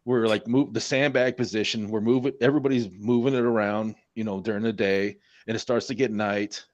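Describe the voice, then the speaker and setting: A man's voice: fairly low pitch, steady tone, fairly quick, muffled recording. A man in his forties, a military veteran, telling a war story in a casual, rambling way, swearing heavily and restarting his sentences often. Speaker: Marine veteran guest. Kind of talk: casual storytelling among friends.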